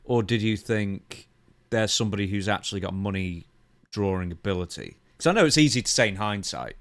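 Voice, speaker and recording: A man's voice: fairly low pitch, expressive, fairly quick, a bit bright. A man co-hosting a podcast, asking long, winding interview questions.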